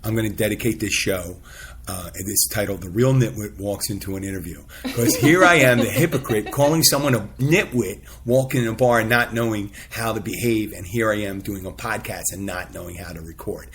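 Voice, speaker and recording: A man's voice: fairly low pitch, brisk, a bit bright, a little hiss or hum. A man hosting a casual podcast, talking in a rambling, self-deprecating way and laughing often. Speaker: podcast host.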